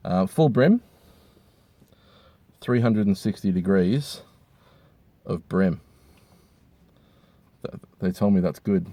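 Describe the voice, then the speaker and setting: A hungover man, rambling crudely and with deadpan humor while reviewing hats from inside a car. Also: sits low, slow, long pauses, dry recording. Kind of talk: casual rambling monologue.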